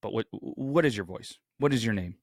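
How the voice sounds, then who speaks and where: Excitable man hosting a podcast. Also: fairly low pitch, moderate pace, dry recording, clean studio sound. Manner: excitable, rambling and self-aware. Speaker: podcast host. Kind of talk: casual podcast chat.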